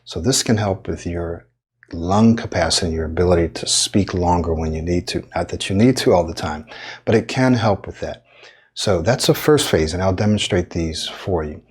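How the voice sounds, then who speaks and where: Man, low pitch, breathy tone, speaking lesson, steady explaining. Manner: calm, methodical, stretches words when demonstrating. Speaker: voice coach. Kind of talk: instructional talk with demonstrations.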